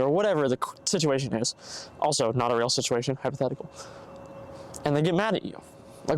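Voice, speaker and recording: A man's voice: medium pitch, animated, quick pace, long pauses. A young man hosting a casual solo podcast, giving earnest, rambling advice and acting out hypothetical conversations. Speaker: podcast host. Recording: faint background noise, bad mic.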